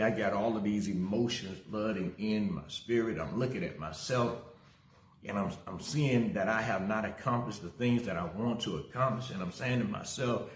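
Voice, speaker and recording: Lively low-voiced male pastor, roomy echo. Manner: energetic, greets viewers by name, repeats calls to share. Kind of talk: casual livestream sermon with storytelling.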